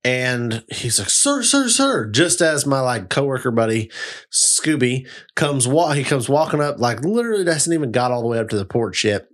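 A young man casually telling a long, rambling story, swearing freely and getting animated. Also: mid-range voice, normal speed. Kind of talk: casual chat.

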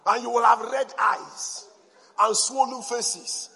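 High raspy preacher guy yelling declarations, echo of a big hall. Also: steady tone, slow. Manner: shouting, chanting repeated declarations. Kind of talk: fiery sermon with prayer declarations.

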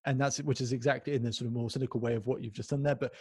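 A man's voice: mid-range voice, fairly even intonation, racing, darkish tone, slightly rough, dry recording. A man hosting a podcast interview, asking long, enthusiastic, rambling questions with many restarts. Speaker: podcast host.

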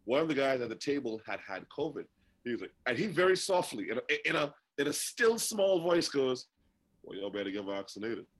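A man with a slightly high voice co-hosts a casual chat podcast, speaking briskly and recounting stories with lots of energy while acting out what others said. The sound is slightly rough.

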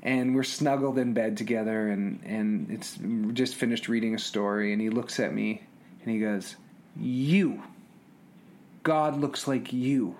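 A middle-aged man telling personal stories about being a father, animated, often repeating words and restarting sentences. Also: fairly low pitch, moderate pace, slight background noise. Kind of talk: casual storytelling.

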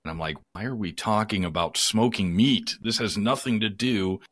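A man's voice: on the low side, normal speed, fairly bright tone, no echo, studio quality. A man hosting and producing a podcast, trading wry, teasing banter. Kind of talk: casual chat.

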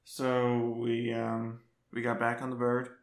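A man playing in a tabletop game, recapping the last session in a halting, wry way with many fillers. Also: medium pitch, monotone. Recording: echoey room.

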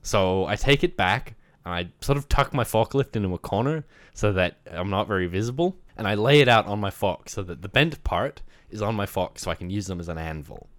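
A man spins a work anecdote in casual chat, his pitch swinging up and down as he goes. His delivery is rambling and sprinkled with swearing. The sound is dry and close. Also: expressive, fairly quick, few pauses, a bit bright, dry recording. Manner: rambling, profane storytelling with laughs. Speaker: podcast co-host telling a work story.

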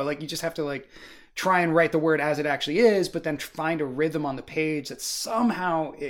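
A man co-hosting a casual book discussion, rambling and filling his talk with "like" and "you know". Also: a little high. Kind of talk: casual chat.

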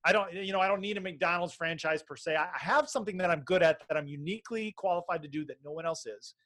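A man's voice: high-pitched, quick pace, fairly bright tone. A middle-aged man telling an entrepreneur story in casual chat, rambling with many restarts and fillers. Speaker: podcast guest, baby sleep business owner.

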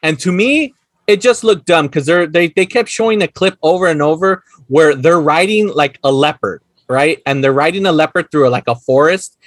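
A young man co-hosting a casual movie chat, animated and swearing, acting out quotes and laughing often. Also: on the high side, moderate pace, no room sound, studio quality. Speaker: podcast co-host.

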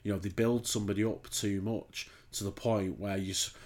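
A man's voice: on the low side, steady tone, normal speed, a little mellow. A man co-hosting a podcast, rambling and swearing in casual chat. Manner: sweary, rambling, laughs easily. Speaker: podcast co-host.

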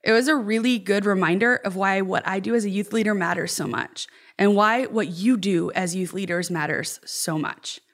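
A woman who directs youth ministry, telling an earnest personal story to fellow youth leaders and lively when she quotes others. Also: medium pitch, moderate pace, hardly any pauses. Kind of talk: storytelling testimony.

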